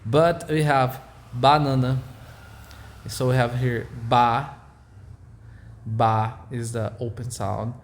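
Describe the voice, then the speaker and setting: A Portuguese-speaking man with a Brazilian accent, informally explaining his language's vowels to a learner in halting English with many fillers. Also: mid-range voice. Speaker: language tutor.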